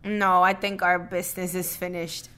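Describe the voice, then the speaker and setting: A woman's voice: on the low side, flat delivery, normal speed, a bit bright, clean tone. A woman co-hosting a podcast, chatting candidly and often restarting her words. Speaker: podcast co-host. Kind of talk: casual chat.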